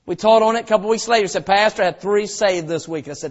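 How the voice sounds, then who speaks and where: High-pitched male pastor preaching, goes quiet then yells, echoey church hall. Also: fast talker. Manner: storytelling preacher, swinging from quiet asides to shouting. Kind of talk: sermon. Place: church auditorium. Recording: dull sound with long hall reverb.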